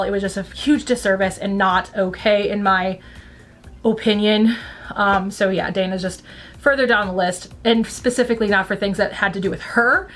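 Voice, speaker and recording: A woman talks through a casual opinion vlog from home, her voice sitting a little on the high side. She rambles in a chatty flow, with lots of fillers and restarts. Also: fairly bright tone. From United States. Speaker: channel host reviewing a TV franchise.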